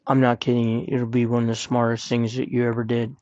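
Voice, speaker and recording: A man's voice: mid-range voice, completely flat delivery, fairly quick, warm tone, no echo, dull audio. A man hosting a podcast, giving earnest, plain-spoken advice and repeating his points for emphasis. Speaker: podcast host. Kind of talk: personal advice talk.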